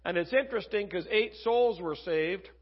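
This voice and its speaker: A man's voice: sits high, normal speed, highs cut off. A man preaching a casual, conversational sermon, reading scripture and acting out quoted voices.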